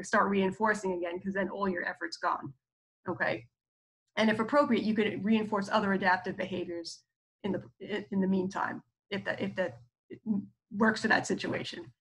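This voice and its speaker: A woman's voice: mid-range voice, a bit bright, slightly rough. Woman, psychologist, casual lecture, chatty, filler words, mid-range voice. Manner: chatty, many fillers and asides, acts out quoted speech. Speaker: psychologist teaching therapy skills.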